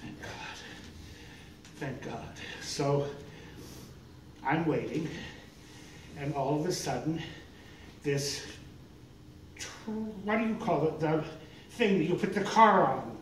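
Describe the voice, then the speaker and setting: Older male storyteller, lively and self-mocking, noisy distant live recording. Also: a little high, slow pace, long pauses. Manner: animated, self-mocking, acts out voices. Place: live event venue on stage. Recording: echoey room, distant, noisy.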